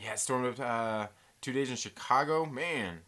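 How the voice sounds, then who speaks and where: West coast guy streaming live, bright voice, reading chat and goofing around. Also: medium pitch, normal speed. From American West Coast. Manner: chatty, reads out viewer messages and jokes around.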